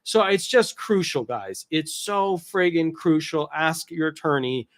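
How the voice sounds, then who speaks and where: A man's voice: on the high side, animated, a little slow. A man who works as a disability attorney, explaining rules in a casual, rambling way with jokey asides and restarts.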